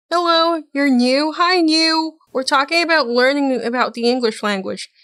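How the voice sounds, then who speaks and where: A woman streamer with a higher voice reacts to clips in a slow, drawn-out way. She makes joking, laughing asides. Her sound is dry and close. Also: sharp tone, smooth, no room sound. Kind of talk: casual reaction commentary.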